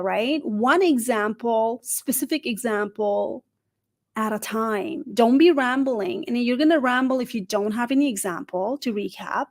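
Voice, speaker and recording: A career coach who is middle-aged and a non-native English speaker livestreams job interview advice. Her voice leans high, and she keeps things lively by questioning her audience and repeatedly saying "right?".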